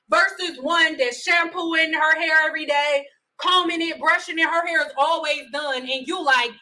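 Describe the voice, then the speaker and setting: A woman in her thirties rants bluntly and profanely, sounding thoroughly exasperated. Her voice is very high and bright, with a sharp edge. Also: rough recording. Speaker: vlogger. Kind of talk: profane ranting commentary.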